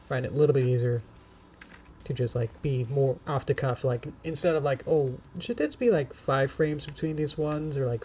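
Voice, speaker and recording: A man's voice: mid-range voice, a little hiss or hum. Rambling man chatting while animating. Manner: rambling, hesitant, many fillers and soft humming. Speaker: streamer animating live. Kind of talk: casual live-stream chat.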